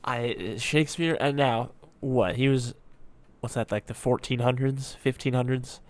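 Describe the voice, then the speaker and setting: A man's voice: mid-range voice, a little slow, no room sound. A man hosting a reaction video, musing aloud with rambling commentary and frequent ums.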